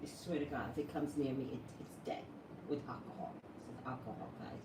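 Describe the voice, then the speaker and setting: A woman's voice: a bass voice, fairly quick, far from the mic. A woman talking casually to her viewers as a psychic vlogger, chatty and full of questions to the audience. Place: home room with an open door. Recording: echoey room, voice from off-mic, noisy background.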